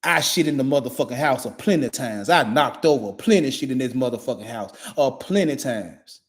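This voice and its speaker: A man's voice: mid-range voice, expressive, a little fast. A man in his forties delivering a blunt, profane monologue in a repetitive, emphatic way.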